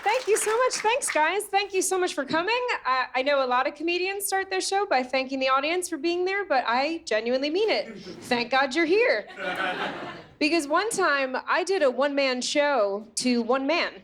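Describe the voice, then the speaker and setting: On a theatre stage with a crowd audible and laughing, a Staten Island native delivers self-deprecating, chatty stand-up. She is an American comedian with a high voice, lively intonation and a normal speaking speed.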